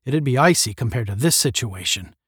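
A man's voice: medium pitch, expressive, brisk, a bit bright, slightly rough, no room sound, studio quality. A man voicing a troubled but resolute male academy captain in a story, earnest in tone.

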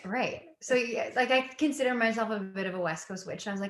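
A young woman in casual chat, telling a story with animated energy and frequent laughs. Her voice sits at an ordinary middle pitch. The room gives her a noticeable echo. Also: brisk, hardly any pauses.

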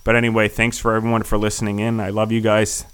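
A middle-aged man hosting a podcast, chatting enthusiastically and rambling with fillers, his voice going hoarse. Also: lowish voice, monotone, fast, fairly bright tone. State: losing his voice. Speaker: podcast host. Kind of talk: casual interview chat.

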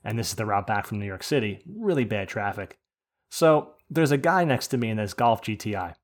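A man from the United States telling an animated, profane rant on a casual podcast. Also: fairly low pitch, brisk. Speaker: podcast host. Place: podcast studio.

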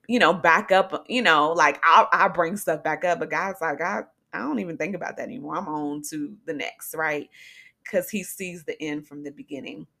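Low, gravelly woman hosting a faith podcast. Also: pushed and bright. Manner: earnest, conversational, frequent fillers. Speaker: podcast host. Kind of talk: faith-based encouragement podcast.

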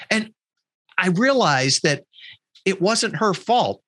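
A man's voice: sits high, measured pace, slightly rough, no room sound. A middle-aged man, a podcast guest, telling a story in a casual interview and quoting the people in it. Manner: animated storyteller, quotes people in his story.

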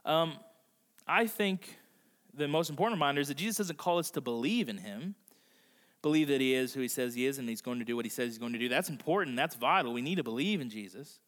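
A male pastor preaching a conversational sermon, slowing down and softening his voice for emphasis. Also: medium pitch. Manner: acts out voices in quotes. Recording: long reverb of a large hall.

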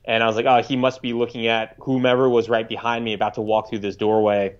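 A man in his thirties from the United States, a podcast guest recalling a story in a halting, reflective way, often restarting his sentences. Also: medium pitch, flat delivery, clean tone. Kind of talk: casual interview storytelling. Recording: slightly dull lo-fi audio.

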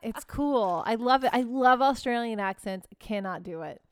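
A woman's voice: on the high side, lively intonation, moderate pace, clear, resonant tone. A woman from the American South with a Southern accent, co-hosting a podcast and reacting with exclamations and jokes. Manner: reactive, exclaims and gasps, jokey. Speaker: podcast co-host. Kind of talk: casual chat.

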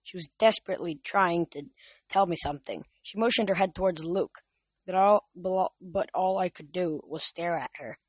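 Young man reading a novel for his podcast, casual and halting, dry. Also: high-pitched, breathy edge, no room sound. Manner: halting, with restarts and fillers. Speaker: podcast reader.

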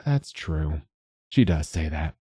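A man voicing a weary, gentle father, speaking softly and low. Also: sing-song, normal speed, no room sound, studio quality. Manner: soft, weary.

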